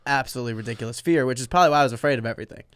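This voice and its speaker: A man's voice: mid-range voice, rapid-fire, fairly bright tone, smooth, no echo. A man co-hosting a podcast in casual chat, hesitant and agreeable, with lots of fillers. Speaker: podcast co-host.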